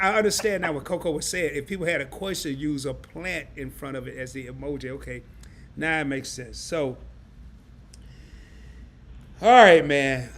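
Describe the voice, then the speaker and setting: Male live-stream host, slightly high voice, chatty, casual interview tone. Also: a bit bright, slight background noise. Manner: chatty, reads comments aloud.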